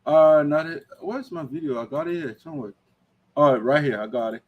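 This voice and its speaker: A man's voice: on the high side, moderate pace, lo-fi sound. A man hosting an online talk show, lecturing emphatically in livestream commentary. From Liberia.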